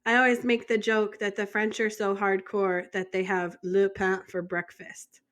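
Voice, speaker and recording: A woman's voice: mid-range voice, flat delivery, unhurried, a bit bright. An American woman teaching a French vocabulary lesson in a chatty way, joking and asking the viewer questions. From United States.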